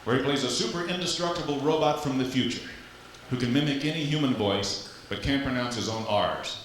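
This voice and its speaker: A man from Louisiana doing live stand-up comedy on a club stage, with a punchy, animated delivery and vocal sound effects. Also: mid-range voice, brisk, slight background noise. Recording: echoey live club recording. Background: audience laughter.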